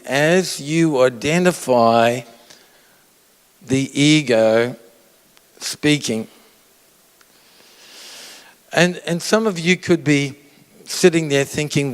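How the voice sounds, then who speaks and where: A man's voice: medium pitch, lively intonation, slow pace, long pauses, smooth. A male pastor giving a conversational sermon, asking the audience questions and acting out inner voices. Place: church auditorium. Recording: long reverb of a large hall.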